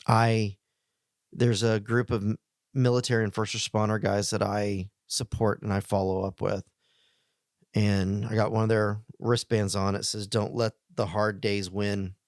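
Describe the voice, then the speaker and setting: A middle-aged male pastor giving a heartfelt, plainspoken message to men, earnest, with emotional pauses. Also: fairly low pitch, little pitch movement, no room sound, studio quality.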